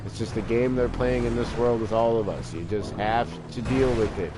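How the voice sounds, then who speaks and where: A man's voice: medium pitch, normal speed. Rambling, crude-talking man over engine noise. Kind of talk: rambling casual monologue during gameplay. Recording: noisy with vehicle sounds behind.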